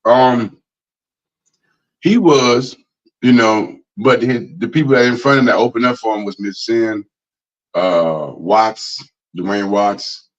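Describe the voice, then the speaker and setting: A man joking in laid-back casual talk-show banter, trailing off low. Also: takes it slowly, pauses often. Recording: dull lo-fi audio.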